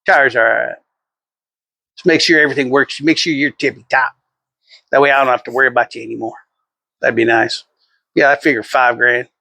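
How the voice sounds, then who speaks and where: A man's voice: mid-range voice, steady tone, fairly quick, gravelly, pauses often, sharp tone, dry recording. A middle-aged man rambling through a casual vlog monologue, swearing freely and chuckling often. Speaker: vlogger.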